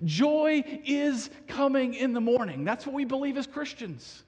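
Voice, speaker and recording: High-voiced husky preacher in a hall. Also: male voice, animated, a little slow, hardly any pauses, a little mellow. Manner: earnest, asks the congregation questions, frequent restarts. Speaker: pastor. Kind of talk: sermon.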